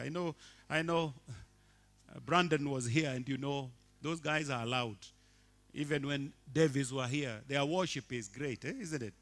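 A man, preaching a sermon as a bishop in a church, animated and shifting between quiet and loud. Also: medium pitch, a little slow. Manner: animated, swings from quiet to shouting.

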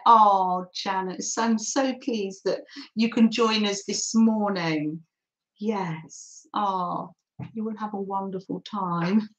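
Woman, middle-aged, craft stream host, greets viewers by name, slow easy pace. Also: medium pitch. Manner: friendly, reads out chat comments while crafting. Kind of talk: chatty live craft demo, greeting viewers.

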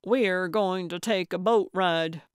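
A woman narrator puts on a stubborn, impatient old lady detective who barks orders and brushes off every objection. Her voice sits a touch higher and punchier than the narration, in a dry, close storybook recording. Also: slow, clean tone, no room sound. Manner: bossy, emphatic, slightly raised voice.

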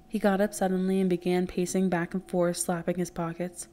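A woman's voice: lowish voice, little pitch movement, a little fast, hardly any pauses, darkish tone. A woman teacher reading a novel aloud, giving the characters' dialogue its own earnest tone. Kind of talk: audiobook read-aloud with character voices.

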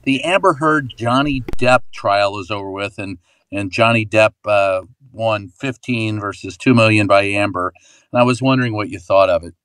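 A male interviewer with a middle-pitched voice who goes along with his guest and chuckles often. The sound is close and dry, with no reverb. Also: moderate pace, fairly bright tone, clean tone. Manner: chuckling, agreeable. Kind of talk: podcast interview.

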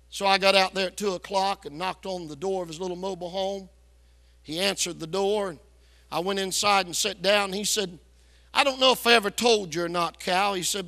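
A preacher, loud and hard-driving, tells stories through a revival sermon in a high, bright, forceful voice. Every phrase trails off into the long reverb of an echoey church sanctuary.

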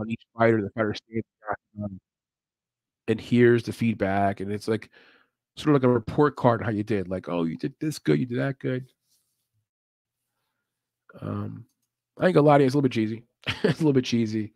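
A man's voice: medium pitch, fairly quick, long pauses, a little mellow, no room sound. Laid-back man hosting live. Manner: laid-back, chatty, laughs often. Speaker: podcast host. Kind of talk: casual live commentary.

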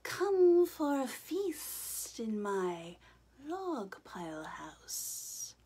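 A woman's voice: on the high side, sing-song, drawn-out words, warm tone, breathy edge, full character voice. A woman voicing a sly snake in a hissing whisper.

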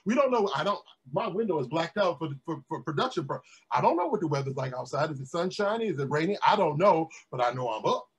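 A pastor preaching a sermon, calling out to his congregation and rising to shouts, recorded in a closed room with its windows blacked out for filming. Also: a little high, lively intonation, fast, slightly rough, poor audio.

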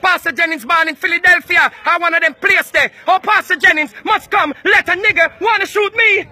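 A man with a strikingly high voice hurls loud, repetitive taunts in a heated confrontation on the street. A noisy crowd surrounds him outdoors. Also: brisk. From Jamaica.

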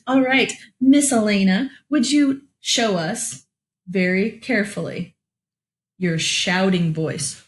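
A woman teaching a children's music lesson, upbeat and praising as she gently gives instructions. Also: medium pitch, slow pace.

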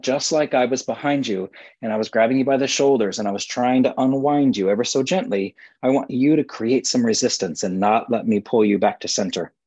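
A man's voice: medium pitch, a little mellow, slightly rough, dull audio. A man, a physical therapist, guiding a live stretching session in a playful, goofy, self-mocking way, heard over a video call. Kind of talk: guided exercise instruction.

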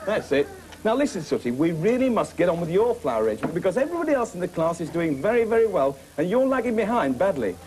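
A man hosting a children's puppet show, playing a brisk, jovial teacher who scolds his puppets. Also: sits high, very animated, a little mellow, slight background noise.

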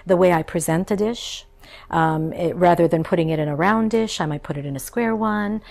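Creaky-voiced woman telling stories. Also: on the low side, moderate pace. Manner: warm storytelling, acts out childhood voices. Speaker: chef and cookbook author. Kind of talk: interview conversation.

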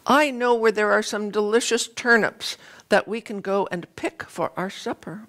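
A woman's voice: mid-range voice, normal speed, fairly bright tone, close to an everyday voice. A woman voicing a scheming male wolf from a fairy tale, coaxing and falsely friendly.

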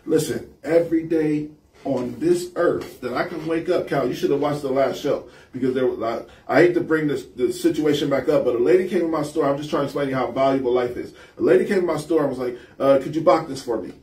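A man's voice: a little high, quick pace. A man co-hosting a casual podcast, telling stories in an emphatic, repetitive way. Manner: animated storyteller, emphatic and repetitive. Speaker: podcast co-host. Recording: echoey room, mic set far off.

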